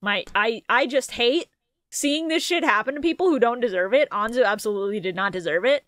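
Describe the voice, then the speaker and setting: A woman co-hosting a casual podcast chat, profane and quick to laugh, with animated outbursts. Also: on the high side, dry recording. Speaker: podcast co-host.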